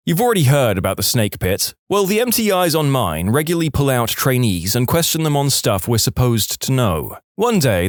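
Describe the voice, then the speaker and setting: A man reads online stories aloud for a podcast, with an expressive, storytelling delivery. His pitch rises and falls widely, and the sound is close and dry, with no room echo. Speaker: podcast narrator. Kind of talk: storytelling reading of online posts.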